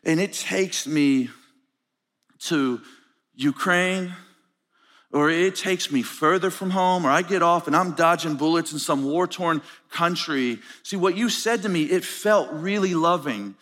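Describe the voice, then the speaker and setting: A man preaches to a conference crowd in a big reverberant hall. His voice sits on the higher side, and he tells his stories with lots of energy, acting out the other people's lines as he goes. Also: unhurried. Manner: animated storytelling, acts out dialogue. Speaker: pastor. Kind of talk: conference sermon. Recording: live hall with long reverb.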